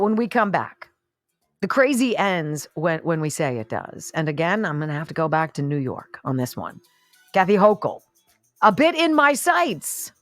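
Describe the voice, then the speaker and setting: A woman's voice: fairly low pitch, a bit bright, dry recording, clean studio sound. A woman hosting a political talk radio show, emphatic, indignant and sarcastic.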